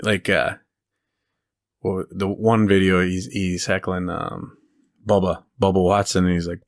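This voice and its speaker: Male podcast co-host, very low voice, rambling casual storyteller who laughs at his own bits. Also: level tone, unhurried, vocal fry. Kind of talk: casual chat.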